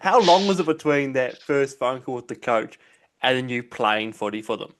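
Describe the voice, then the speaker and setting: A man hosting a casual podcast interview, chatty and quick to laugh along. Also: mid-range voice, expressive. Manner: chatty, laughs along, brief encouraging replies. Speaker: podcast host.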